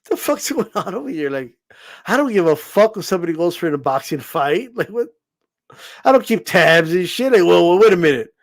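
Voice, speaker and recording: A boxing YouTuber with a high-sitting, very animated voice talks at a moderate pace. He rants casually to camera, sarcastic, profane, and mocking.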